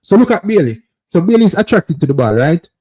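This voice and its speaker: A man's voice: high-pitched, very animated, quick pace, warm tone, breathy edge. A man with a Jamaican accent hosting a football call-in show, insistently breaking down plays over footage and calling out to viewers. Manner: repetitive, insistent, keeps addressing viewers as people.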